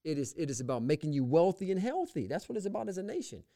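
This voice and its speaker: A man's voice: fairly high pitch, sing-song, racing, creaky, warm tone. A man in the pastor role on a faith talk show, speaking with an emphatic, repetitive preacher cadence and reading scripture aloud. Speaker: pastor and podcast co-host.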